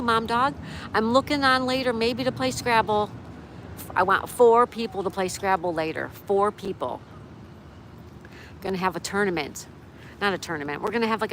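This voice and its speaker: A woman's voice: mid-range voice, fairly bright tone, low-quality recording. A woman live streaming outdoors, chatting casually and reading chat messages aloud while tending her dog. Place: outdoors by a road in a town. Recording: outdoor stream with clear traffic noise. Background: street and vehicle noise.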